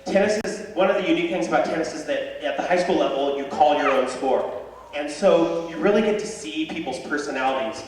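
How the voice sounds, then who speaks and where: Onstage in a high school auditorium before a live crowd, a young comedian who also coaches high school tennis delivers fairly quick, animated stories, yelling some character voices up high. The sound is echoey from the hall, picked up by a distant mic alongside audience noise.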